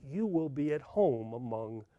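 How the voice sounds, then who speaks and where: A man's voice: medium pitch, expressive, a little slow, warm tone, dry recording, highs cut off. A middle-aged man giving a conference talk, telling a personal story and acting out the dialogue. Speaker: conference speaker.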